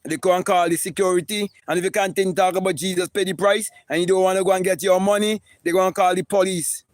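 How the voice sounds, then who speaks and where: A man's voice: sits high, fairly even intonation, fast, no room sound. A man, streaming a live spiritual talk in an emphatic, preachy and profane way, often repeating words. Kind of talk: impassioned live-stream monologue.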